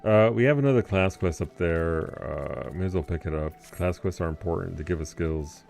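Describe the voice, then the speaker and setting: A man streaming a game, chatting casually in a rambling way with filler pauses. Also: deep voice, gravelly, a little mellow, soft background music. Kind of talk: casual gameplay commentary.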